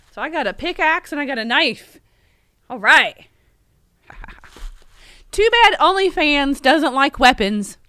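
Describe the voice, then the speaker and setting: A woman hosting a casual unboxing livestream, excited and laughing often. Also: fairly high pitch, smooth, no echo. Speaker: livestream host.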